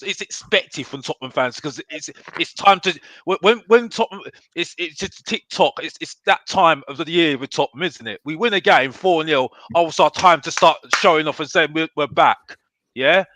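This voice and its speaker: Bloke on a football chat show, bright and punchy, keeps asking "yeah?". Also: male voice, a little high, normal speed, no echo. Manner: animated, keeps adding "yeah?". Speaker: football podcast guest. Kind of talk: casual chat.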